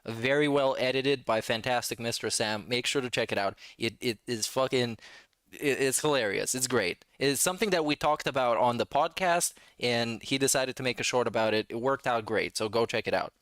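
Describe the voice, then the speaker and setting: A man's voice: medium pitch, normal speed, a bit bright, clear, resonant tone, dry recording. A man hosting a casual reaction commentary, talking in a sarcastic, mocking way. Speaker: commentary channel host.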